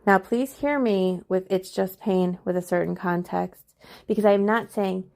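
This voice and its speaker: A woman's voice: lowish voice, moderate pace, gravelly, a little mellow. A middle-aged woman hosting a podcast, talking earnestly and confidingly about her own life and repeating phrases for emphasis. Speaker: podcast host. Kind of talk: personal reflective monologue.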